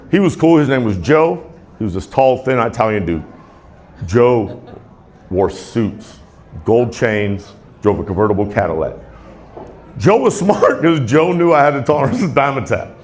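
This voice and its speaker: A man in his forties doing a rambling, self-deprecating stand-up set on a club stage, often chuckling at his own jokes. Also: on the high side. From Tacoma, Washington, USA. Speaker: stand-up comedian. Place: comedy club stage with laughing crowd. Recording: live club set with crowd laughter.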